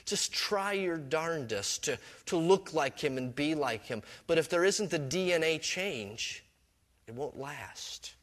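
A man's voice: a little high, lively intonation, unhurried, hardly any pauses, a bit bright. A middle-aged man preaching a sermon as pastor, mixing scripture with personal stories in a conversational way. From Canada.

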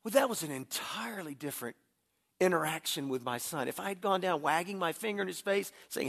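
This middle-aged pastor's sermon comes in a high, expressive, slightly bright voice with a creaky quality and a brisk pace. His style is conversational, and he tends to repeat words when starting sentences.

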